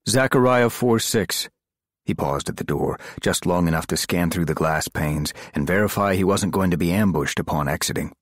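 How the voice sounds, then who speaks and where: A man narrating a thriller audiobook in a measured, dramatic reading. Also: sits low, fairly even intonation, no echo, clean studio sound. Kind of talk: scripted narration.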